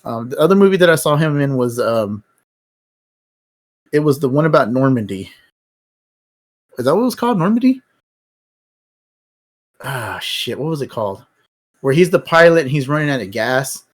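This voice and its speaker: A man with a mid-range, sing-song voice talks at a normal speed but leaves long pauses. As host of a live stream, he chats about movies casually, bluntly, and with lots of swearing, often rambling.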